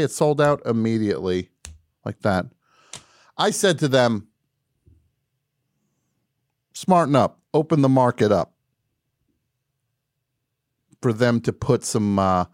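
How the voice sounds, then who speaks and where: A man hosting a live call-in radio show, wry and mock-boastful, dropping to quiet mumbles and rising to shouts. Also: mid-range voice, no room sound, clean studio sound.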